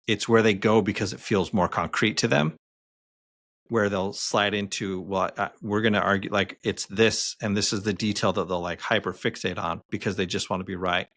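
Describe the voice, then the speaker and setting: A man, a therapist co-hosting a podcast, speaking in a loose, relaxed way with lots of fillers. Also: fairly low pitch, moderate pace, dry recording. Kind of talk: casual podcast discussion.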